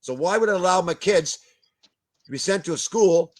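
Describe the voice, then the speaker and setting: An older Canadian man with a high-pitched voice rants bluntly at a moderate pace. He's a guest on a video-call discussion, cursing and tripping over repeated words.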